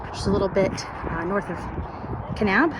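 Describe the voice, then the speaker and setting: A woman's voice: medium pitch, lively intonation, normal speed. A woman with an ordinary mid-range voice narrates a desert hike to her camera. She is upbeat and points things out as she walks. Heavy outdoor noise runs under everything she says. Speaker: family vlogger. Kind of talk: casual outdoor vlog narration. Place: outdoors in desert sand caves. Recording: loud outdoor noise over the voice.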